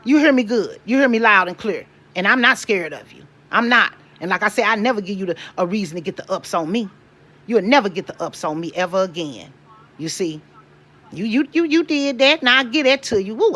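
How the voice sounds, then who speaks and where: A woman's voice: mid-range voice, expressive, a little fast, a bit bright. A middle-aged woman vlogging a casual monologue to camera, emphatic and preachy, dropping church interjections and asking "you see?" again and again.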